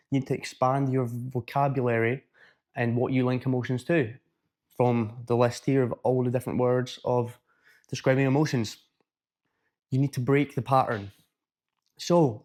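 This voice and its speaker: A man talks straight to camera as a coach, giving self-help advice in a casual, energetic way. He is blunt and swears freely, with a voice of ordinary pitch. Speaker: fitness and mindset coach.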